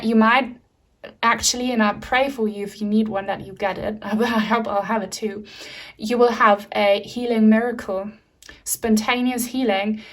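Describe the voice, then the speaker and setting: A woman reads tarot cards for an online audience. Her voice sits at a middling pitch, and she speaks in a gentle, earnest way. Soft ums and small restarts run through her talk. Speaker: tarot reader. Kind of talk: pick-a-card tarot reading.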